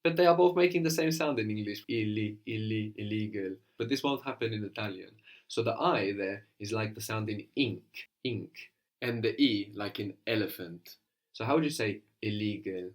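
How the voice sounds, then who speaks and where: A man with a fairly low voice leads a spoken language lesson. He talks patiently and coaxingly, slowing down to model each sound clearly for a student. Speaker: language teacher.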